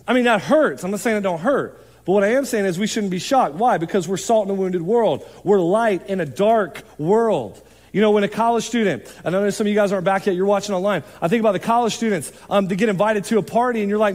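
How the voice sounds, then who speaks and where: A man preaching a sermon as pastor, in a conversational, animated way with quick asides. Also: high-pitched. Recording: long hall reverb.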